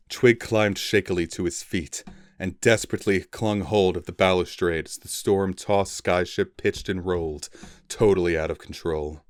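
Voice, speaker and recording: Deep male reader for dramatic storybook narration, pauses for effect, dry sound. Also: no echo.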